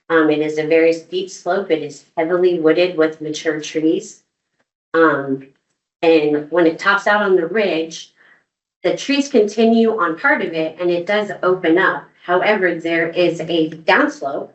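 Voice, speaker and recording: A woman giving a public comment at a meeting, congested and gravelly, speaking carefully and a little nervously. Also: deep voice. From United States. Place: council chamber. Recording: dull, roomy meeting audio from far off.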